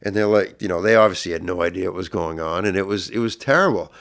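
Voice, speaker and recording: A middle-aged man speaks fast in a low-sitting voice as a podcast guest, earnestly recounting a personal story. At the intense moments, his voice grows louder.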